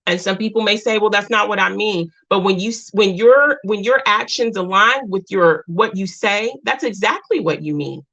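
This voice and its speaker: A woman's voice: mid-range voice, normal speed, vocal fry, few pauses, pushed and bright, muffled recording. A woman hosting a casual live stream, speaking earnestly and repeating her points, close to tears. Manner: earnest, repeats herself, reads viewer comments.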